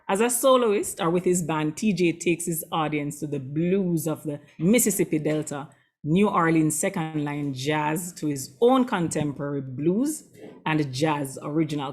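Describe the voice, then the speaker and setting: A woman emceeing a school concert online, speaking in a notably low register. She is effusive and talkative, gushing over each act. She moves from heartfelt asides into introducing the next guest. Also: a little mellow. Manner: effusive, emotional and chatty.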